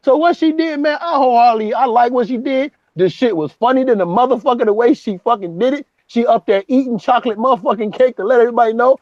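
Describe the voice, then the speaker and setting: Profane high-voiced man, dull lo-fi sound. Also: quick pace, few pauses, dry recording. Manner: profane, animated, acts out quotes. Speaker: podcast co-host. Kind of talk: casual chat.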